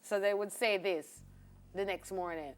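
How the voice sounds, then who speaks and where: A Jamaican woman co-hosting a morning TV segment, explaining things with lively, laughing ease. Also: medium pitch, a little slow, clear, resonant tone. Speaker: morning show co-host. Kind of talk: casual studio chat. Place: TV studio.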